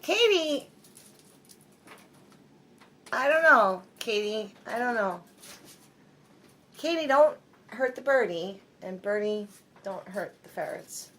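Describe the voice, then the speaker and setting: A woman's voice: a little high, sing-song, takes it slowly, long pauses, fairly bright tone. A woman at home filming her pets on a phone, talking playfully to her bird and laughing often. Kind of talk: casual chat to pets while filming.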